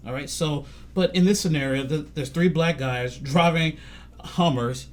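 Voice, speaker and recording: Animated male podcast storyteller. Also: a little slow. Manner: animated storytelling, quotes others in lowered voice. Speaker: podcast host. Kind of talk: casual conversation.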